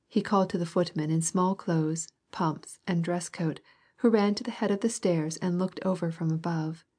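Low, husky woman narrating a classic. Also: dark tone. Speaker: audiobook narrator. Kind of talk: scripted narration of a classic novel.

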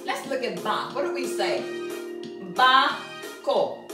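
A woman teaching a Spanish lesson at a board, speaking slowly and deliberately and punching out stressed syllables. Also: medium pitch, sing-song. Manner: laughs at herself. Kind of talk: classroom lesson at a whiteboard. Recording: roomy echo from far off, faint music.

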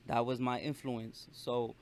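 A young man from Brooklyn with a New York accent, talking casually as a rapper guest, animated and full of slang and swearing. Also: medium pitch. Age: young adult. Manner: fast, animated street slang with frequent profanity. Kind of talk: casual interview chat.

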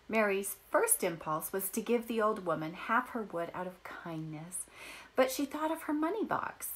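A woman reads a children's story aloud in a gentle storytelling voice. Her pitch moves in lively ups and downs, and she stops now and then to explain words to young listeners. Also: normal speed, low-quality recording.

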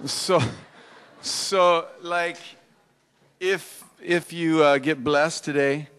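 Folksy joking middle-aged pastor, higher voice. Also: male voice, steady tone, extremely slow, fairly bright tone, clear, resonant tone. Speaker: worship pastor. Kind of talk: casual stage talk to a congregation. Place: church service in a hall.

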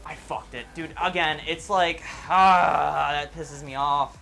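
A young man casually commentating his own gameplay, excitable and swearing a lot, yelling whenever he misses. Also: a little high, normal speed, soft background music.

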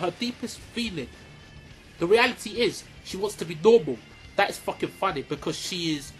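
A man giving a casual, excitable film review, swearing freely and filling his talk with "like" and "um". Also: sits high. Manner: excitable, swears a lot, many fillers.

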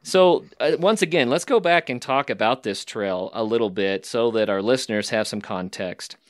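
Dry, smooth male podcast host. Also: on the low side, normal speed, no echo. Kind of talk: interview.

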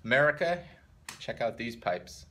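A woman's voice: very deep voice, big pitch swings, normal speed, crowd noise. A middle-aged woman and mother joking around in a casual family vlog, playful and teasing. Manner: playful, joking, sings off-key. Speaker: vlogger, mother.

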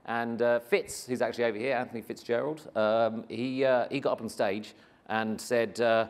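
A man's voice: medium pitch, fairly even intonation, normal speed. A man moderating a conference panel, playful and teasing as he presses for answers. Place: conference stage before an audience.

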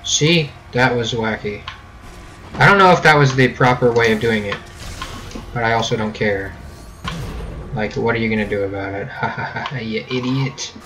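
This gameplay video host has a mid-range voice with a sharp tone, a moderate pace, and frequent pauses, captured in poor audio. A young man from the United States, he gives casual let's-play commentary full of jokes, rambling, and mock-British catchphrases over a faint hum.

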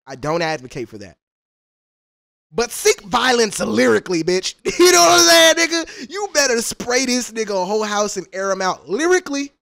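A man's voice: very high-pitched, very animated, moderate pace, creaky, a bit bright. A man reacting to a rap track, talking in a casual, profane, trash-talking way. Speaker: music reaction YouTuber.

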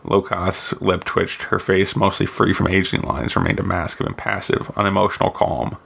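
Man, author reading his novel, low voice, flat, occasional stumbles. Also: moderate pace, creaky, slightly rough. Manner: reads with occasional slips and restarts. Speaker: guest reader, author. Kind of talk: reading aloud from a fantasy novel.

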